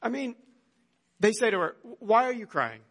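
A man preaching a sermon, retelling a Bible story with animated storytelling and acted-out quotes. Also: moderate pace. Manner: animated storytelling, acts out quotes with rising pitch. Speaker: pastor.

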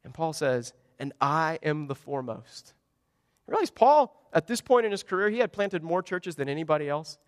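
A man's voice: high-pitched, very animated, a little fast, few pauses, a little mellow. A man preaching a sermon, emphatic, asking rhetorical questions and acting out the quotes he reads. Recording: dry close mic with long hall reverb.

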